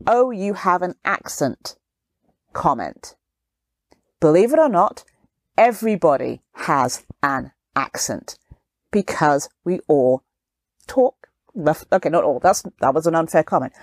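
Expressive woman podcast host, dry sound. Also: low-pitched, a little slow, no echo. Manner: conversational, acts out quoted questions in a raised voice. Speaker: podcast host, career coach. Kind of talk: solo podcast monologue.

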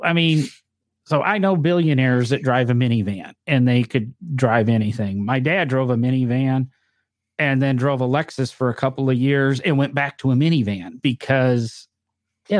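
A man's voice: mid-range voice, normal speed, dry recording, clean studio sound. A man with a northern US accent, chatting casually about cars with rambling, filler-heavy storytelling. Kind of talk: casual chat.

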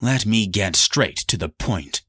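A proud young prince answers coldly and defiantly, his words clipped, as a man acts him out. The tone is bright and forceful, read like a fantasy audiobook. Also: mid-range voice, expressive, unhurried, no room sound, studio quality, voice pushed up.

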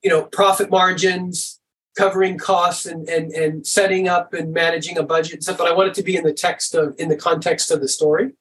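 A man with a notably high speaking voice talks as a podcast guest. He rambles in a relaxed, easygoing way and keeps padding his sentences with "and stuff." He sounds middle-aged and unhurried. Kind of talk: casual conversation.

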